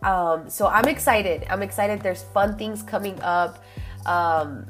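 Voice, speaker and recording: A woman's voice: mid-range voice, slow, soft background music. A young woman hosting a podcast, chatty and gushing, slipping Spanish phrases into her English. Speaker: podcast host. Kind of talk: casual chat.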